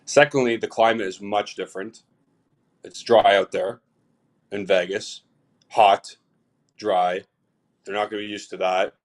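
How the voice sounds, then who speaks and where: A man's voice: lowish voice, steady tone, a little slow, pauses often. Laid-back man calling in. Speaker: caller. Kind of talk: casual call-in chat.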